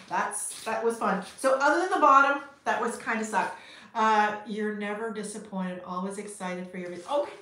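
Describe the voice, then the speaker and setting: Bright and forceful, with a mid-range pitch and normal speed, this middle-aged potter from Canada talks cheerfully to her livestream audience and laughs a lot. Faint noise and echo fill the room.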